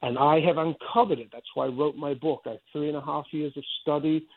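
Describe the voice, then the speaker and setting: A man's voice: fairly high pitch, fairly even intonation, fairly quick, no room sound. A middle-aged man from Spain, an artist giving a long, rambling interview answer, often restarting and repeating his words. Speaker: artist guest. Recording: tinny phone-line sound.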